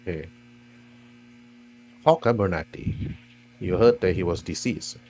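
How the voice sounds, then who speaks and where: Game master, male, low husky voice, rambling narration with restarts, faint mains hum. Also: unhurried, darkish tone. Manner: meandering, restarts often while narrating.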